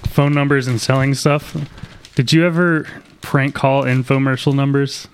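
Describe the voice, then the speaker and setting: A man's voice: medium pitch, fairly even intonation, normal speed, smooth. A man co-hosting a podcast, chatting casually and joking with lots of fillers. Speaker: podcast co-host. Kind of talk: casual chat.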